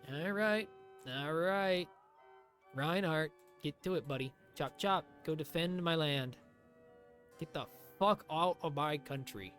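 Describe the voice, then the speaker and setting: A man streaming a strategy game live, giving sarcastic commentary that swings from low mutters to loud shouts. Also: takes it slowly, soft background music.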